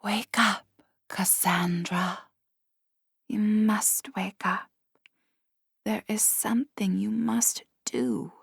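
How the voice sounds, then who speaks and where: A woman voicing a ghost that whispers slowly and insistently to someone asleep in an audiobook. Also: mid-range voice, gravelly, husky, no room sound, studio quality, heavily acted. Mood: eerie. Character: eerie whispering ghost calling a sleeper.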